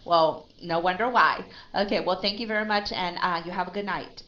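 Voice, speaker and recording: A woman's voice: fairly low pitch, fairly quick, dull audio, crowd noise. A woman teaching pronunciation in a live lesson, patiently correcting a learner and often checking in with "okay?" and "right?".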